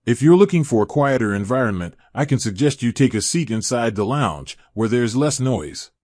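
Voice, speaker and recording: A man voicing a young hotel pool attendant in his twenties who speaks gently, slowly and carefully. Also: medium pitch, animated, dry recording, clean studio sound, lightly acted. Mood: polite. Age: 20s.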